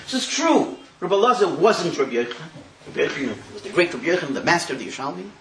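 Man, Talmud teacher, high voice, animated storytelling, echoey room. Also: racing. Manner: animated storytelling with Hebrew terms. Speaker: Torah teacher. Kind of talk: Talmud class.

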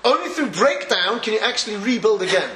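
Guy giving a torah class, kinda high voice, laughs a lot as he tells stories, echoey room. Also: brisk, background noise. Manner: animated storytelling, laughs often. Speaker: rabbi teaching Torah.

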